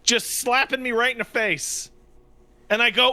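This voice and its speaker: A young adult man co-hosting a podcast in casual chat, an animated storyteller who acts out his quotes. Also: extremely high pitch, measured pace. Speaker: podcast co-host. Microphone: studio podcast mic.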